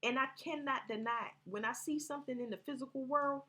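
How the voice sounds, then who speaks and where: A woman's voice: high voice, a little fast, bright, forceful tone. Rambling, profane woman telling stories. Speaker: vlogger telling personal stories. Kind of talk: casual storytelling to viewers.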